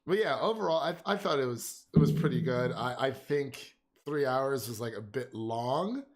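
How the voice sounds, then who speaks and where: A young man hosting a casual film chat, animated and rambling, laughing often. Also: mid-range voice, normal speed. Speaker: film podcast host.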